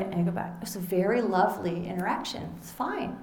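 A middle-aged woman author giving a conversational talk to an audience, animated and acting out little quoted exchanges. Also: mid-range voice, a little fast, hardly any pauses. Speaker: author and speaker. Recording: roomy echo.

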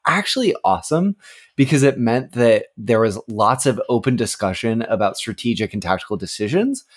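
A man's voice: mid-range voice, very animated, moderate pace, slightly rough. A man co-hosting a podcast who designs games, chatting in an upbeat, enthusiastic way. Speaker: podcast co-host, game designer. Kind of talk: casual podcast chat.

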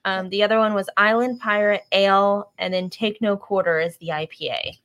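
A woman's voice: mid-range voice, steady tone, normal speed, a bit bright. A woman co-hosting a vlog in casual chat, giving brief, matter-of-fact replies. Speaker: vlog co-host.

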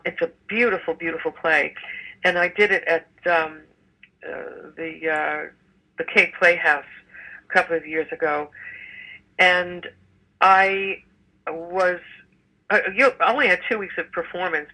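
A woman's voice: on the low side, pushed and bright, rough recording. An older woman, a stage actress, chatting in an interview with many fillers and restarts. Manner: chatty, rambling with frequent fillers. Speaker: musical theater actress, guest. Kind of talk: casual interview chat.

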